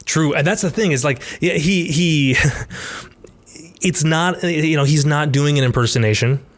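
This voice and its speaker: A man's voice: on the high side, measured pace. A man co-hosting a casual film podcast, talking in a rambling way with many restarts. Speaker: podcast co-host.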